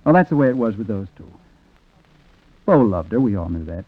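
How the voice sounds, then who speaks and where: A rueful narrator. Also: male voice, lowish voice, big pitch swings, brisk, dry recording. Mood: reflective. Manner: quiet, rueful and conversational. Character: reflective man telling a sad story. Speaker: narrator of a radio drama. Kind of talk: 1940s radio narration. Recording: tinny old radio recording with music.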